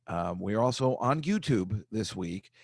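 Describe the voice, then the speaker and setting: A man's voice: animated, measured pace, vocal fry, no echo, studio quality. A man hosting his own podcast, rambling in a casual, self-deprecating comic monologue. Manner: rambling, self-deprecating, shifts pitch a lot. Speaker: podcast host.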